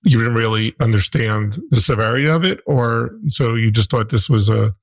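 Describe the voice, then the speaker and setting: A man interviewing a guest, asking gentle, hesitant questions. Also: mid-range voice, normal speed, no room sound.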